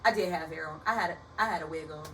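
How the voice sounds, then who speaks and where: A young woman hosting a motivational podcast in a casual, animated way, calling her listeners baby and y'all, like a preacher. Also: deep voice, fast. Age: young adult. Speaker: podcast host. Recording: distant from the mic with faint background hiss.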